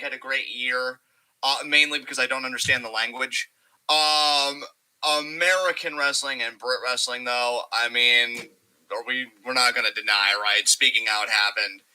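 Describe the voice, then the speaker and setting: A man with a very bright, sharp voice at a middle pitch, co-hosting a podcast. He rambles in a loose, casual way, swearing and making dark, wry jokes. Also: clear, resonant tone, rough recording. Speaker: podcast co-host.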